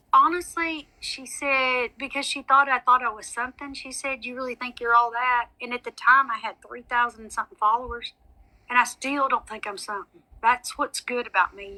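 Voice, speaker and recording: Bright, chatty woman on a livestream. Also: on the high side, low-quality recording. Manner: chatty and rambling, showers viewers with endearments like honey and sweetie. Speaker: psychic medium livestreaming to viewers. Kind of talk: casual livestream chat.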